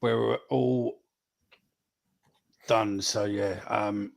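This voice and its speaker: Man, forties, gravelly, podcast host, casual chat, swears freely. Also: on the low side, fairly even intonation, extremely slow. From England. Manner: chatty, swears casually, reads out viewer predictions.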